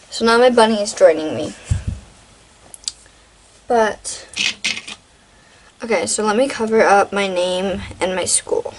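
A woman's voice: medium pitch, slow, long pauses, a little hiss or hum, poor audio. A teenage girl in a casual show-and-tell vlog, talking in a chatty, rambling way with lots of fillers and restarts. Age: teens. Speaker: vlogger.

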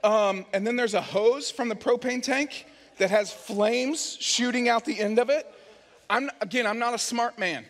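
A man's voice: extremely high pitch, normal speed, fairly bright tone. A man preaching as a pastor, telling a self-mocking story and acting out the voices in it. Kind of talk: sermon story. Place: large church hall. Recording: long hall reverb.

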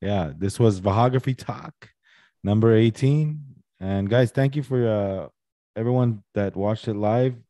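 A man's voice: fairly low pitch, unhurried, mellow, no echo, clean studio sound. A man hosting a casual podcast chat over a video call, loose and joking, with some swearing. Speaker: podcast host.

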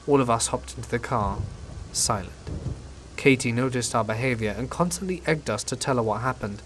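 A man calmly reading a horror story in scripted narration. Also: medium pitch, a little fast. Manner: calm, steady storytelling. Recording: faint rain noise behind voice. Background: rain and thunder ambience.

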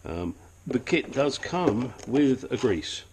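Over background noise, a mid-range male voice with big pitch swings moves slowly through a casual how-to. The home mechanic host tackles a brake and control arm job, swearing sometimes, drifting into asides, and occasionally putting on a silly accent.

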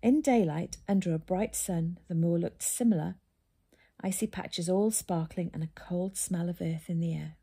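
A woman narrating a children's book in a steady storytelling manner. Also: on the low side, normal speed, creaky, husky.

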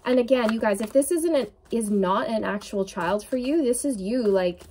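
A woman's voice: a little high, moderate pace, mellow, a little hiss or hum. Earnest, emotional woman tarot reader. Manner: earnest, emotional, many fillers. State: tearful at times. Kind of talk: intuitive tarot reading to camera.

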